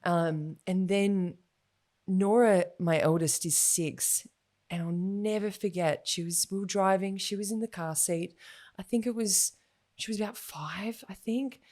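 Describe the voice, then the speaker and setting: A woman's voice: medium pitch, a little slow, darkish tone. An Australian woman in her thirties, a podcast guest, telling heartfelt stories about talking with her young kids and acting out both sides of the conversation. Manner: open, heartfelt storyteller who acts out her kids' questions.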